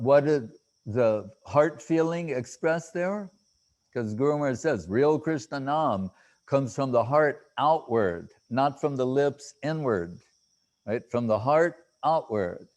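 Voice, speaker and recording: A man giving a devotional talk as a spiritual teacher, halting often with fillers and restarts and reciting Sanskrit verses haltingly. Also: mid-range voice, expressive, darkish tone.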